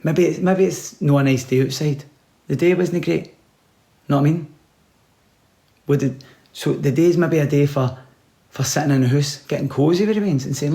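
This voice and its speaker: Guy doing a rambly deadpan comedy bit, voice a bit high. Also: normal speed, long pauses. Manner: rambling, deadpan advice with dropped whispers. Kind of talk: comic monologue.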